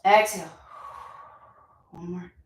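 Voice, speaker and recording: A woman's voice: lowish voice, steady tone, takes it slowly. A woman yoga instructor guiding a class, upbeat and playful, chatty with whoops and laughter. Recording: echoey room, mic at a distance.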